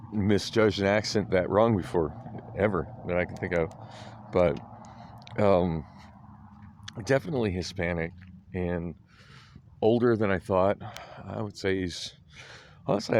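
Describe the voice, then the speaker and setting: A man's voice: on the low side, darkish tone, slight background noise. A tired, groggy middle-aged man rambling through a casual vlog, hesitant and full of ums and restarts. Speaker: vlogger.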